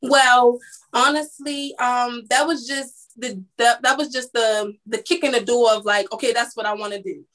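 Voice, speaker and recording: Candid young woman, high voice. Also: fairly even intonation, normal speed, fairly bright tone, poor audio. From East Baltimore, Maryland. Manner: candid, rambling, many restarts. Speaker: guest, makeup artist. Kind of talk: casual interview chat.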